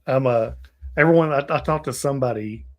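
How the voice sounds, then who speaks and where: A man's voice: mid-range voice, fairly quick. Laid-back Southern man hosting. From Tennessee, USA. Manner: rambling, laughs often, drawling. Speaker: livestream host. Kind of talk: casual interview chat.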